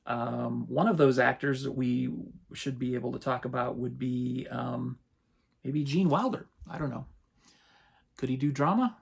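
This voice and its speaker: A man, casually running through his latest movie purchases as a channel host, relaxed and rambling. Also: medium pitch, a little slow, vocal fry, slightly rough. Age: 50s. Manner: relaxed, rambling, chuckles often. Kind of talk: casual haul rundown.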